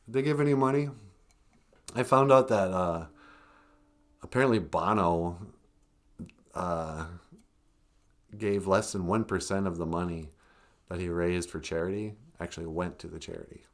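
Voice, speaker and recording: A man chatting casually on a live stream, rambling, chuckling often and trailing off quietly. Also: sits low, normal speed, long pauses.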